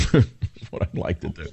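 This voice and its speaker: A man's voice: dark tone, no echo. A man with a New York accent hosting a talk radio show, delivering a combative, sarcastic monologue full of rhetorical questions.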